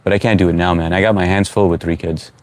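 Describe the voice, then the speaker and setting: A middle-aged man from the United States, speaking in a very low, deep voice. He hosts a live stream in a loose, easygoing way, reading viewer comments aloud with plenty of fillers. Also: quick pace, no echo. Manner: relaxed, reads out chat comments, frequent uh fillers. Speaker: livestream host. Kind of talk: casual live chat.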